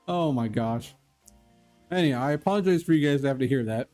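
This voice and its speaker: Faint music plays behind a man streaming a video game live, who chats casually with viewers by name and laughs frequently. His mid-range voice is expressive and warm, and he talks briskly.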